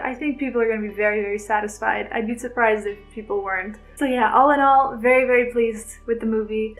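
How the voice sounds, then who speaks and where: A woman's voice: a little high, poor audio. A woman vlogger chatting to camera about a film she loves, gushing and giggly, rambling with restarts. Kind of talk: casual chat to camera.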